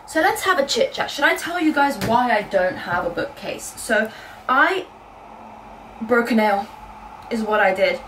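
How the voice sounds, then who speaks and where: A young woman from Britain chatting casually in a book vlog from her bedroom, telling stories in a lively, animated way. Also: medium pitch, distant mic, noisy background. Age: young adult. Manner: chatty, quick and animated storytelling. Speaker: book vlogger. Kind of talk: casual chat.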